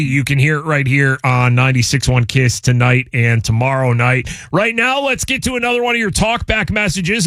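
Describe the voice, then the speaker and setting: A man hosting a morning radio show, energetic and laughing easily as he chats. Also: high-pitched, dry recording, clean studio sound. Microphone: studio microphone.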